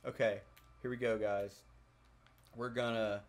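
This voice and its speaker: A man's voice: medium pitch, normal speed. A young man casually commenting while he plays a video game, swearing often and chatting with viewers. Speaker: gaming video host.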